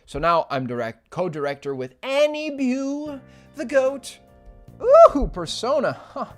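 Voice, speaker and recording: A young man streaming casually as an animator, rambling with fillers and swinging from low mumbles to loud, excited yelps. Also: measured pace. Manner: rambling with many fillers and restarts. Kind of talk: casual livestream chat. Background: faint music.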